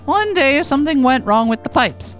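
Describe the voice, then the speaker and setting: Joking let's-play commentator, very lively pitch, soft music underneath. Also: moderate pace, poor audio. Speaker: game player.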